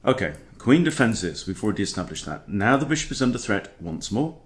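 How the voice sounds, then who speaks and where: In a lowish voice with big swings in pitch, a chess coach talks quite quickly through a game. His casual commentary is chatty and playful, sprinkled with silly impressions.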